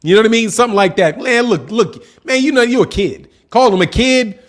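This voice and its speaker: A man with a high-pitched, lively voice talks a little fast while running a boxing livestream. His commentary is casual and slangy, directed at his chat, with lines repeated for emphasis.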